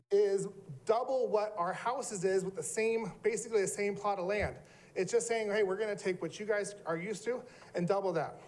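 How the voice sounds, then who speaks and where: Earnest middle-aged man speaking out. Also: high voice. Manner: emotional, earnest, forceful. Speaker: public commenter. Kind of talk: public comment at a city meeting.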